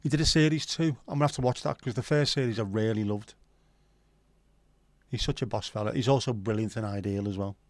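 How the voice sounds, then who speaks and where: This livestream host has a lowish, slightly mellow voice and a brisk delivery, with no room sound. He chats casually, swears plenty, and jokes around as he reads through viewer comments.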